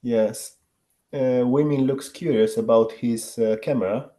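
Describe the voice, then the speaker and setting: Hesitant male student on a call, slow and mellow. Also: medium pitch, steady tone. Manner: hesitant, searching for words. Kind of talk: describing pictures in a lesson. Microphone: video call.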